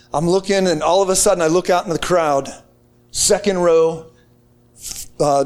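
Excited high-voiced male preacher. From United States. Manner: excited, casual slang, frequent restarts. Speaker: preacher telling a testimony. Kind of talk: animated storytelling to a group.

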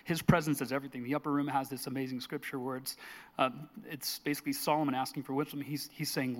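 A man, a guest on a faith show, telling a personal story in an earnest, animated way. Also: mid-range voice, fast. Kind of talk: storytelling in a live interview. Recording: long hall reverb.

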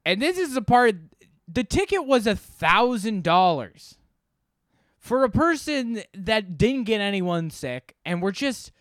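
A man's voice: high voice, big pitch swings, slow pace, fairly bright tone, no room sound, clean studio sound. Rambling, cussing young man on a podcast. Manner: rambling, profane, exasperated storytelling. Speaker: podcast host. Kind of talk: casual ranting monologue.

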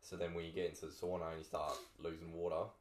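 A man's voice: deep voice, flat delivery, quick pace, slight background noise. A young man co-hosting a podcast, explaining things plainly in a laid-back way with casual swearing. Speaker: podcast co-host. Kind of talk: casual chat. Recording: echoey room.

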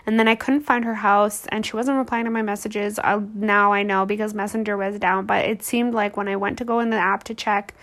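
A woman's voice: mid-range voice, little pitch movement, a little fast, few pauses, fairly bright tone. A woman in her thirties hosting a podcast, telling a candid personal story in an emotional, rambling way full of restarts and fillers. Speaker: podcast host.

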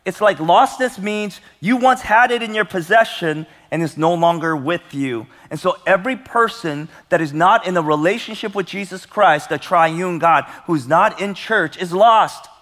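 A male pastor preaching a sermon in a large church, telling a story softly and then raising his voice for emphasis. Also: moderate pace, hardly any pauses. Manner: storytelling, dropping soft and low for tender moments, rising loud for emphasis. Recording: long church hall reverb.

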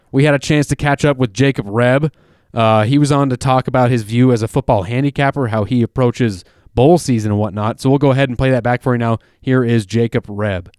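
A man hosting a casual sports talk podcast, rambling and animated, often restarting his sentences. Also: mid-range voice, brisk, clear, resonant tone, no echo, studio quality. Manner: rambling, self-interrupting, animated. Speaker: podcast host.

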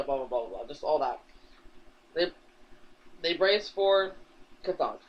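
High-voiced man rambling through a comic recap. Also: lively intonation, slow, pauses often, a little hiss or hum. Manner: rambling, swears freely, acts out characters in passing. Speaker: podcast co-host. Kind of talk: casual chat, recapping a comic. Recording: dull lo-fi recording.

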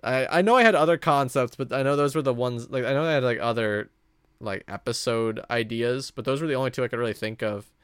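Rambling man, smooth clear voice. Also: mid-range voice, fast talker, a bit bright, dry recording, clean studio sound. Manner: rambling, many fillers and self-corrections. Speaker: podcast host. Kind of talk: casual solo monologue.

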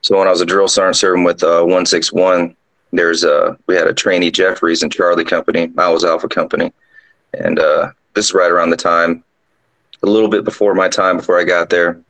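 Deep gravelly man telling a story. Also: brisk, rough recording. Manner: relaxed rambling telling, with many fillers. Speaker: guest storyteller, drill sergeant. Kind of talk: casual spoken ghost story.

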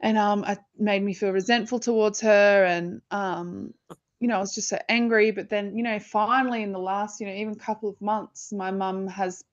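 A woman's voice: mid-range voice, fairly even intonation, moderate pace, no room sound. A woman in her thirties, co-hosting a podcast, talking earnestly and emotionally with many fillers and restarts. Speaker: podcast co-host. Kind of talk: casual heartfelt conversation. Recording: dry, slightly dull audio.

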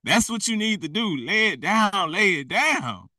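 A man's voice: high voice, expressive, measured pace, bright, forceful tone, dry recording, far from the mic, low-quality recording. A man preaching in a blunt, slangy, exhorting way, often laughing at himself. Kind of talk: fiery street-style preaching.

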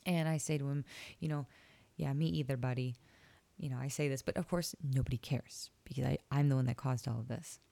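A woman's voice: rumbling low, steady tone, fast, gravelly, mellow, no room sound. A young woman hosting a podcast, candidly retelling a dream and reflecting on it in a casual, personal way. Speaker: podcast host. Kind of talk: casual solo podcast talk.

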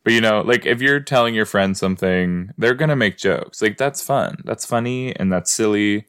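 A man's voice: on the low side, normal speed, a bit bright, smooth. A man hosting a casual watch-along podcast, chatty and full of exclamations, often trailing off mid-thought. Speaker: podcast host reacting to a sitcom.

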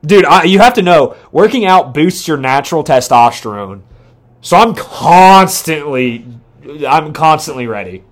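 A young man in casual podcast chat, boastful and crude, his voice jumping up when he gets excited. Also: a little high, unhurried. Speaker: podcast co-host.

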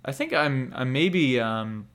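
A man's voice: mid-range voice, animated, slow pace, a bit bright. A young man co-hosting a casual podcast, rambling candidly and swearing now and then. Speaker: podcast co-host. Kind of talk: casual chat about anime.

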